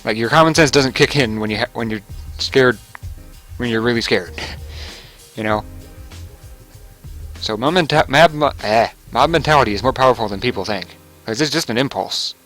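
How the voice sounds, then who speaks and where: A young man gives casual, rambling let's play commentary over a game he's playing, chuckling and correcting himself along the way. His voice is medium in pitch, a bit bright, at normal speed, with soft background music and poor audio.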